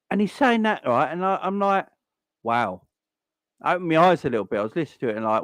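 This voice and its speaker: A man's voice: a little high, big pitch swings, fast, a bit bright, no room sound. A young man hosting a live stream, ranting in an exasperated, repetitive way and swearing now and then. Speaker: fan channel host. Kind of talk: live-stream football rant.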